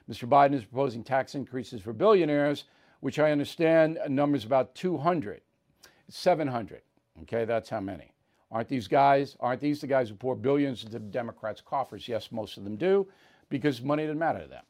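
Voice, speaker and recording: A man's voice: mid-range voice, a little fast, darkish tone. A man hosting a talk show, reading listener mail and answering with blunt, opinionated retorts.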